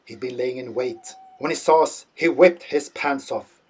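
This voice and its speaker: A man narrating a literary audiobook in a dry, deadpan way. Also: medium pitch, unhurried, slightly rough.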